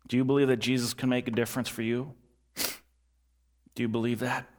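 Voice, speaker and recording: In an earnest sermon, a male pastor repeats his key lines and lets his voice fall soft and low to stress them. His pitch barely moves, and he speaks fairly quickly.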